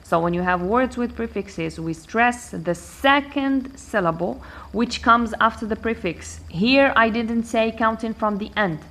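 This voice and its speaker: A woman teaching an English pronunciation lesson, counting syllables aloud slowly and deliberately. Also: on the high side, a bit bright. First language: Arabic.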